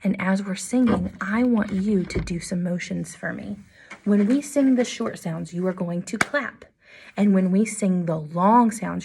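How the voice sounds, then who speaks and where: A woman music teacher leading a children's lesson, speaking in a slow, sing-song, encouraging way to young children. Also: mid-range voice, vocal fry, slight background noise.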